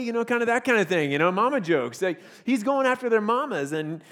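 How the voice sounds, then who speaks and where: Guy with a high voice giving a sermon, jokey, acts out the lines, laughs a lot. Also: animated, moderate pace, fairly bright tone, long reverb tail. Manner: playful storytelling, acts out quotes, laughs often. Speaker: pastor.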